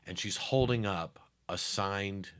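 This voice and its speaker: A comedian telling animated stories in a casual interview, acting out quotes loudly and laughing through them. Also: male voice, fairly low pitch, takes it slowly, smooth. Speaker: comedian guest.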